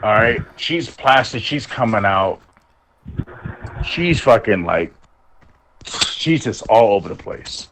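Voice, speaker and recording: A man's voice: fairly low pitch, sing-song, slow, long pauses, noisy background. A man co-hosting a podcast, telling rambling anecdotes in casual chat, swearing heavily and acting out what people said. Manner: rambling anecdotes, heavy swearing, acts out quotes. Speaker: podcast co-host.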